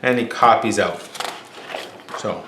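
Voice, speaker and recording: A man's voice: fairly low pitch, takes it slowly, bright, forceful tone. A male teacher telling a story in a casual, explanatory way as a lesson. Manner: casual, explanatory, with fillers and restarts. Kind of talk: storytelling lecture. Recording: echoey room with faint hum.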